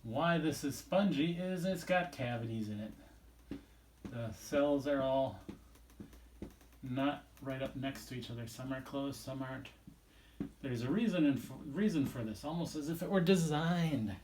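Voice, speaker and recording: A man's voice: medium pitch, darkish tone, a little hiss or hum. A man teaching a recorded biology lesson, explaining casually and rambling a little as he draws and talks through the page. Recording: echoey room.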